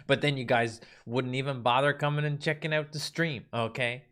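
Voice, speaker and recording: A man's voice: mid-range voice, fairly even intonation, normal speed, fairly bright tone. Man, Newfoundland accent, casual livestream host, chatty, answers chat. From Newfoundland, Canada. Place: mostly empty room with carpet.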